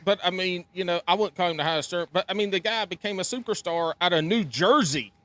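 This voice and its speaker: Brief: man, somewhat high, bright edge, emphatic and teasing in casual chat. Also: fast, no echo. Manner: emphatic, ribbing, animated.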